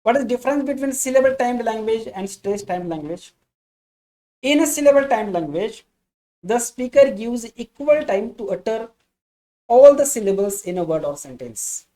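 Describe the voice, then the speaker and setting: Mellow woman teaching English. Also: on the high side, animated. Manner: slow, repeats key phrases for emphasis; addresses listeners as friends. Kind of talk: explanatory lecture.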